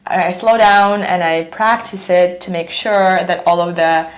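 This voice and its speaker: A woman's voice: on the low side, unhurried. Woman with a Kyrgyz accent. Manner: animated, mimics others in quotes, many fillers. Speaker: actress guest. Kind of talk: casual interview chat.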